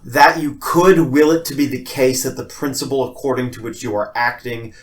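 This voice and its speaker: A man co-hosting a casual philosophy podcast, talking in an animated way, swearing often and acting out little scenes. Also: mid-range voice, moderate pace. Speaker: podcast co-host.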